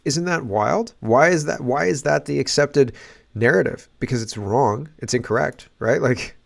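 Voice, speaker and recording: A man's voice: mid-range voice, moderate pace, creaky. A man hosting a casual political commentary show, exclaiming and rambling in disbelief.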